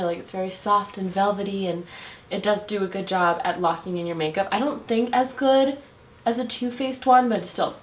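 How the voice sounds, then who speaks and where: A young woman chattily reviewing her favorite makeup on her vlog, with lots of "like" fillers. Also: medium pitch. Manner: chatty and bubbly, heavy use of "like". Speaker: beauty vlogger.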